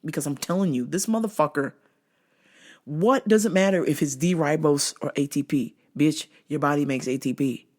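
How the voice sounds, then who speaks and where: A middle-aged woman hosting her show, telling a story in a casual, profane, animated rant, laughing often. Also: low voice. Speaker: show host.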